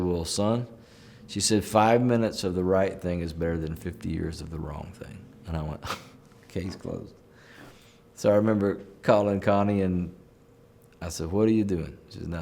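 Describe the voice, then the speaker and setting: A middle-aged man telling stories in a relaxed, folksy way, chuckling now and then. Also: deep voice. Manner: folksy, chuckling, unhurried anecdotes. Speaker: country musician telling a story. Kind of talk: relaxed storytelling in an interview.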